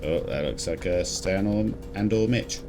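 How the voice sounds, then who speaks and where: Very deep-voiced man streaming a game. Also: a little slow. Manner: playful, mumbling, self-mocking. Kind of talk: casual gameplay commentary. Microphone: standing desk mic. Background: game music.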